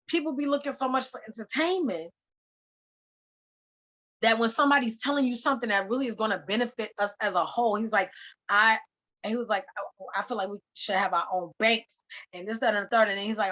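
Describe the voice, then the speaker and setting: A woman hosting a podcast, telling a story in animated, slangy casual chat with some swearing. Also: mid-range voice. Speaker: podcast host.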